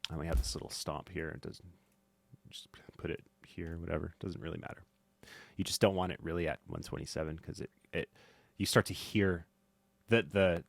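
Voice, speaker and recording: A man teaching drum mixing in a casual tutorial, thinking aloud with fillers and swinging in loudness. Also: low-pitched, gravelly. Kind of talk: casual screen-recorded tutorial. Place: home studio. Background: faint music from drum playback.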